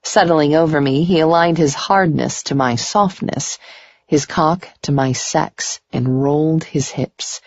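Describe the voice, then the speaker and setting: A woman narrating a first-person romance audiobook in a slow, intimate way. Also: sits low, a little mellow, no room sound. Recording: slightly dull lo-fi recording.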